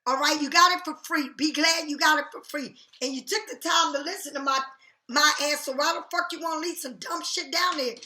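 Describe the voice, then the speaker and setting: A woman's voice: high voice, brisk, sharp tone. A woman tarot reader talking straight to her viewers in a blunt, heated, profane rant. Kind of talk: casual direct-to-camera rant. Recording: echoey room.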